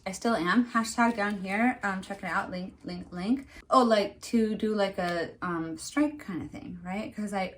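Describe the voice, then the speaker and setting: A woman talking straight to camera in a casual vlog rant. She speaks with emphasis and a lot of fillers, and acts out other people's lines as she goes. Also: mid-range voice. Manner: animated, emphatic, many fillers. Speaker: former retail employee vlogging.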